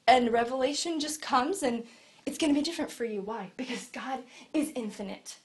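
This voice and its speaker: A woman preaching a conversational sermon, acting out quoted voices with lively shifts. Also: a little high, brisk.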